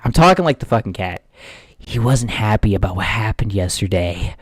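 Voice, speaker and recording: A man's voice: on the low side, expressive, moderate pace, husky, no room sound. A man in casual let's-play commentary, joking, swearing and muttering reactions on a close microphone. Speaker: gaming streamer.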